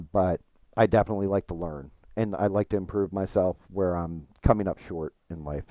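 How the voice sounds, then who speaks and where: A man's voice: deep voice, moderate pace, mellow, dry recording. A man chatting casually with his stream chat while gaming, frank and profane, rambling and restarting his thoughts.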